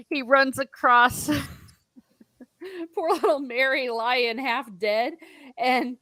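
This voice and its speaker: A woman hosting a book discussion in casual chat, laughing often and throwing in quick asides. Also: high voice, pushed and bright, no echo.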